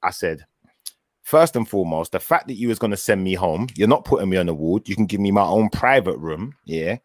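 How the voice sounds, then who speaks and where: Low-voiced man telling a story. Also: a little fast, no room sound, studio quality. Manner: animated storyteller, acts out his own quoted words. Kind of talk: casual chat.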